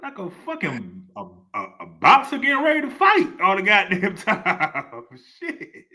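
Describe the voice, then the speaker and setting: Lively bright-voiced man joking crudely. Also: high voice, a little slow. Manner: crude joking, loose and rambling. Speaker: stream host. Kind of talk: casual reaction chat.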